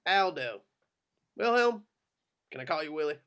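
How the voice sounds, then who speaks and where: A man's voice: fairly high pitch, big pitch swings, moderate pace, a bit bright, smooth. A man doing a brash drawling American officer. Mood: coaxing. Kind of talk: amateur script reading.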